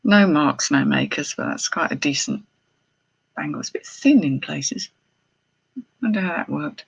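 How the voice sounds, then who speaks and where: A middle-aged jewellery reseller hosts a live haul stream, unboxing and chatting with viewers at a normal speed. Her low voice is creaky and slightly rough, with huge pitch swings, and she's chatty, exclaiming, and thinking aloud throughout.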